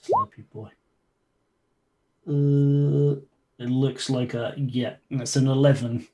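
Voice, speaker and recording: A man acting as game master for a tabletop game played over an online call, relaxed and chatty. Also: mid-range voice, takes it slowly. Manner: relaxed, chatty, cursing mildly at stream problems.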